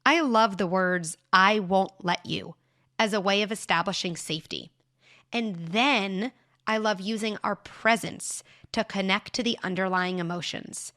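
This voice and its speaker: A woman hosting an advice podcast on parenting, speaking in a calm, measured and reassuring way as she talks through reframes. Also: mid-range voice. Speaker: podcast host, parenting advisor.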